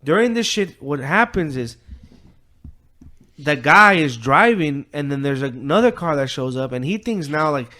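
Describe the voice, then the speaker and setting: A man's voice: on the high side, lively intonation, a little slow, pushed and bright. A man co-hosting a podcast, retelling a story in a loose, profane, rambling way, full of filler words and quoted voices. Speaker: podcast co-host. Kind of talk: casual chat, retelling a story.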